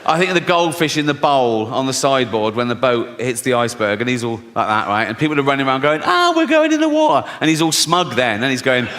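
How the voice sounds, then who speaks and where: A man's voice: mid-range voice, fast, hardly any pauses. A man doing stand-up comedy, swearing, acting out bits, and laughing at his own jokes. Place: large theatre with audience. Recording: live hall recording with loud crowd laughter.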